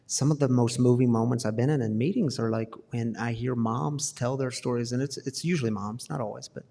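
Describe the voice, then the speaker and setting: A man's voice: mid-range voice, steady tone, fairly quick, gravelly, dark tone. A man hosts a conversation at a recovery gathering, drawing the audience in and affirming his guest. His voice sits in the middle range and rings with long hall reverb. He sometimes acts out short voices to make a point. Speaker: host of a recovery community talk. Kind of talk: conversational interview.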